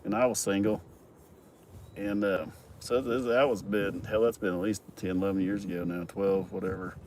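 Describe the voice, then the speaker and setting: A man's voice: sits low, fairly even intonation, moderate pace, darkish tone. A middle-aged man telling a long, profane story in a loose, rambling way, chuckling as he goes. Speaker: farm worker telling stories. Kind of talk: casual storytelling. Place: outdoors at a work site. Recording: outdoor recording with traffic noise. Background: vehicle and outdoor noise.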